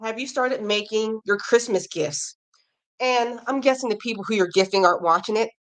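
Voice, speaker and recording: A woman's voice: a little high, normal speed. An American woman in her forties, hosting a casual livestream from home and chatting freely, often going off on tangents. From United States. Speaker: livestream host. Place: home with a Christmas tree.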